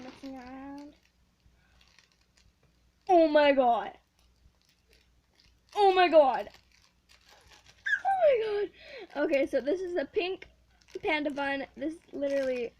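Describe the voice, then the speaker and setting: A teenage girl with a high voice talks slowly and easily through a homemade unboxing video. She gets excitable and giggly and gushes over what she finds. A faint hiss of room noise sits under her voice. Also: rough recording. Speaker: vlogger. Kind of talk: casual unboxing vlog.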